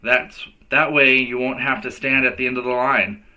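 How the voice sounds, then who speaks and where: A man's voice: medium pitch, steady tone, moderate pace, bright, forceful tone, dull audio. A man voicing a friendly, helpful schoolgirl, reading a storybook aloud. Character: friendly schoolgirl, boy's crush.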